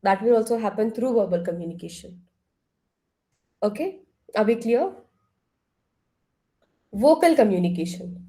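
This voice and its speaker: A woman leading an online counseling workshop, asking the group questions and now and then clearing her throat. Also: on the high side, animated, unhurried, long pauses, warm tone. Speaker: workshop trainer. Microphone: laptop far across the room.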